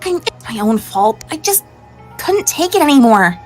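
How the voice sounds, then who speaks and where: A woman's voice: fairly high pitch, sing-song, normal speed, faint music behind, pitched below the performer's own voice. A woman voicing a hot-tempered, sporty teenage girl who sounds sheepish and defensive during a game playthrough.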